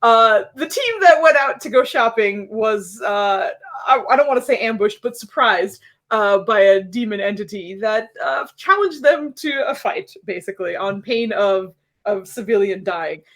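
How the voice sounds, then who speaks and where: A woman's voice: mid-range voice, expressive, a little slow, a bit bright. A woman running a homebrew tabletop game, recapping the last session in a chatty way with many fillers. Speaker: dungeon master.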